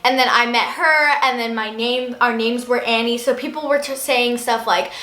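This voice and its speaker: A young woman hosts her channel in a casual vlog chat, her high, bright voice tumbling out in a nervous, filler-heavy ramble. She is recorded in an echoey room at home. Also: fairly even intonation, moderate pace. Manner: chatty, nervous, lots of fillers. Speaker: channel host. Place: indoors at home.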